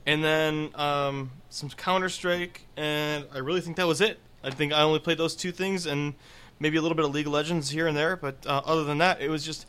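A young man co-hosting a casual gaming podcast, relaxed and joking in a dry way. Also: fairly high pitch, a little fast, smooth. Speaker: podcast co-host.

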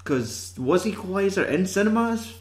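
A man's voice: high-pitched, normal speed. A young Scottish man chatting casually about films as a podcast co-host, rambling and swearing freely as he tells stories. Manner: rambling, sweary, animated storytelling. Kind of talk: casual chat. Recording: roomy echo.

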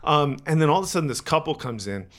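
A man's voice: fairly high pitch, animated, quick pace, a bit bright. A man comedian telling a story in casual chat, rambling and profane with many restarts.

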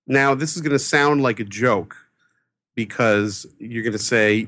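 A movie critic from New York telling an animated personal story, excitable and acting out the voices of the people in it. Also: male voice, moderate pace, no echo. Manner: excitable, acts out quoted voices with big pitch jumps. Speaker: movie critic, podcast guest.

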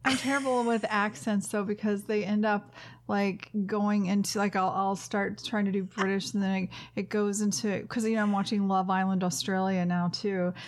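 A woman's voice: medium pitch, flat delivery, moderate pace. A woman co-hosting a podcast in casual chat, rambling through stories with lots of "like" and "um". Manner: rambling, many fillers. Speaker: podcast co-host.

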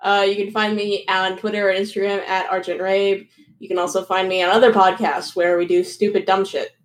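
A woman's voice: mid-range voice, level tone, brisk. A woman joining a casual podcast chat, teasing and bantering with the hosts. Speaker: podcast guest.

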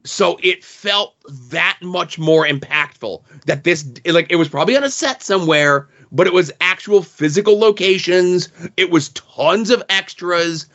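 A man's voice: sits high, a little slow, few pauses, fairly bright tone, muffled recording. A man co-hosting a podcast, jumping in with eager commentary in casual conversation. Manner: jumps in with eager commentary and opinions. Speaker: podcast co-host.

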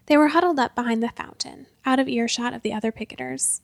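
A woman narrating a storybook in a lively, expressive way. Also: high voice, brisk, vocal fry, hardly any pauses, no echo.

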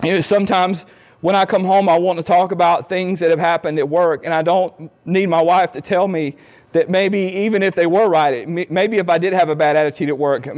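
A man's voice: high-pitched, a little mellow. A middle-aged man giving marriage advice in an earnest, conversational way, acting out the things he says to his spouse. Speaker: speaker on marriage. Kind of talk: informal talk on marriage advice.

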